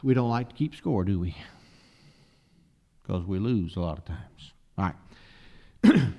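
A man's voice: sits low, lively intonation, unhurried, pauses often, mellow. A man preaching a sermon, emphatic and asking the listeners rhetorical questions.

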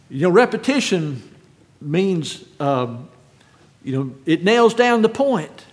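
A man delivers a sermon in a somewhat high voice. He climbs to loud, emphatic repetition, then sinks back to a hushed, deliberate reading of scripture. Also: big pitch swings. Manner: builds to shouted quotes, then drops to hushed reading. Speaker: preacher.

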